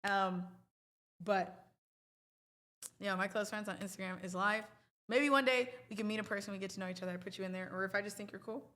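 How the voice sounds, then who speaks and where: A woman streamer chatting loosely with her audience, wandering from thought to thought with playful asides. Her voice sits at an ordinary middle pitch, casual and unscripted. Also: a little fast, long pauses, pushed and bright. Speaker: livestream host. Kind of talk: casual livestream chat.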